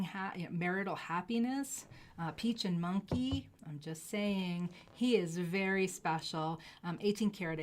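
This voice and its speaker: Gushing woman presenting jewelry live. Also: fairly low pitch. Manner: gushing, effusive, drops into soft asides. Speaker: jewelry seller hosting a live sales stream. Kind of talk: live shopping stream presentation.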